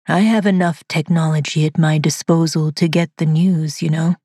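A woman voicing a calm, controlling male cyborg master in a storybook reading, speaking softly and gently. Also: sits low, slightly rough, dry recording, clean studio sound. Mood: gentle. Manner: soft, gentle, measured delivery. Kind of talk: audiobook dialogue read by a narrator.

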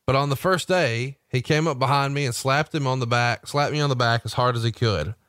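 A man's voice: medium pitch, brisk, dry recording. Wry man reading aloud, dry close mic. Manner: steady read-aloud delivery with wry asides. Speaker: podcast host. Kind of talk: reading a memoir aloud and asking questions.

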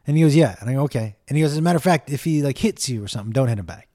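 A middle-aged man hosting a casual comedy podcast, telling stories in an animated way, acting out the people he quotes, swearing often. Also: mid-range voice, rapid-fire. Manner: animated storytelling, acts out quotes, swears, talks to his dog.

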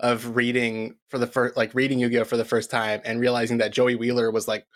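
Bright-sounding guy tossing quips on a stream panel. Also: mid-range voice, flat delivery, a little fast.

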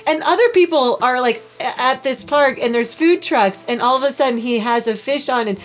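A woman co-hosting a podcast, telling an animated, giggly story in casual chat. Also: high voice, moderate pace. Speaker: podcast co-host.

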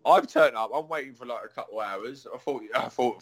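A man's voice: medium pitch, fairly quick, gravelly, fairly bright tone. A young adult man, ranting in a casual, profane way while he tells a long story full of restarts and asides. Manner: profane, rambling, with many restarts. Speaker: adult performer.

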